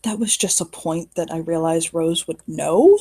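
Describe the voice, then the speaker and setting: A player describing a character's actions in a tabletop horror game, halting and casual, swearing freely. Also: medium pitch, dark tone, breathy edge. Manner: halting, casual, swears often, many fillers.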